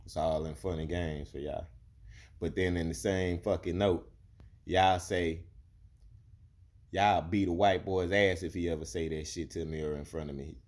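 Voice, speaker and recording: A man's voice: deep voice, fairly even intonation, moderate pace, a little mellow. A young man from Alabama, delivering a blunt, profane, heated rant to camera. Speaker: vlogger. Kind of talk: ranting monologue.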